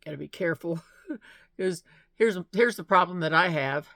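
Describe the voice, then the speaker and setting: A vlogger shows off mail and gifts in casual talk to camera, frequently laughing and gushing. The recording is dry and studio quality, and her lowish, a-bit-bright voice moves at a moderate pace.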